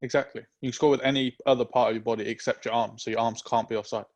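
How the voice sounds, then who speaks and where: A man co-hosting a casual football podcast, giving relaxed, opinionated takes. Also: mid-range voice. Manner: relaxed, opinionated, drawn-out reasoning. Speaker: podcast co-host.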